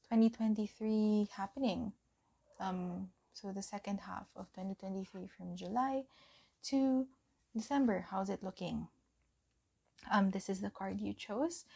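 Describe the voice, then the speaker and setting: A young woman giving a pick-a-card tarot reading, gentle and encouraging, often giggling and saying um. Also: medium pitch, vocal fry. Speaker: tarot reader.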